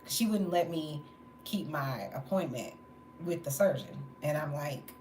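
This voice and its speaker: A sleep-deprived livestream host talks late at night from indoors at home, her low, darkish voice moving at a measured pace. She vents openly, laughing between stories, while faint background noise and a roomy echo fill the audio.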